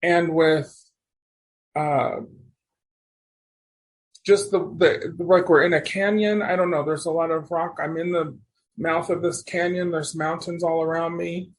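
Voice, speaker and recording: A man as a podcast guest, telling stories in a rambling, animated way and often restarting his sentences. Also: a little high, measured pace, pauses often. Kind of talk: casual storytelling conversation.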